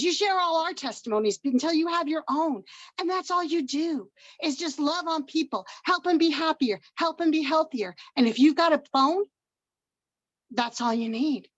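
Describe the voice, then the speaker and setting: High-voiced older woman, emphatic testimony. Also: dry recording, muffled recording. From Washington State. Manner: emotional, upbeat and emphatic. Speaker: guest presenter. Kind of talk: personal testimony on a business call. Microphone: video call.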